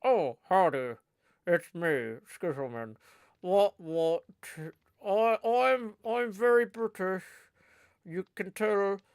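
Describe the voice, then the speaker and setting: A man voicing a goofy male puppet pal with a clumsy fake British put-on, halting and low. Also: clean tone, no echo, clean studio sound, close to an everyday voice. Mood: silly.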